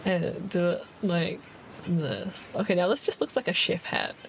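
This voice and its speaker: A woman's voice: lowish voice, measured pace, gravelly, noisy background. A woman streaming a game in casual chat, laughing constantly and reading out her chat, with a noticeable accent of her own. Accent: non-standard accent.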